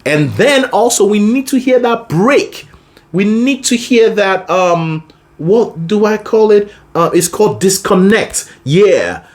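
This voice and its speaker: A woman's voice: medium pitch, lively intonation, slow pace. Brief: woman vocal coach, conversational teaching, breaks into sung examples. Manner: explains then demonstrates by singing. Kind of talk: singing lesson with sung demonstrations.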